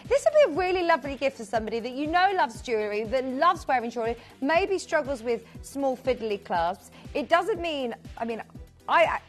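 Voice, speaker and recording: A woman presenting live on a shopping channel, chatty and upbeat, calling out buyers' names. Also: high-pitched. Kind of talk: live TV sales pitch.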